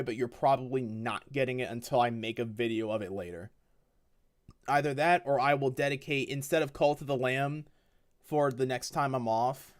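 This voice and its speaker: A woman streaming a game live, talking bluntly to her chat and swearing heavily in frustration. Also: very deep voice.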